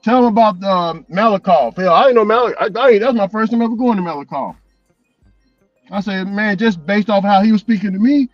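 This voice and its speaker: High-voiced man telling road stories. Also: a little fast, no echo, muffled recording, soft background music. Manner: loose, profane storytelling with frequent laughs. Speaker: delivery driver vlogger. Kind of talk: casual chat.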